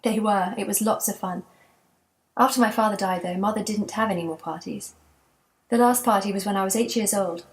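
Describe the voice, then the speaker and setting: A woman voicing a wistful elderly grandmother in a children's storybook, soft and reminiscing. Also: medium pitch, brisk, close to an everyday voice.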